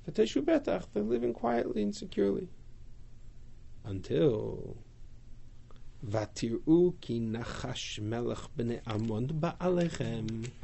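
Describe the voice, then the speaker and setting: A man teaching a text-study class, reading Hebrew verses aloud and paraphrasing them in an animated way. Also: medium pitch, creaky. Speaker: Torah teacher.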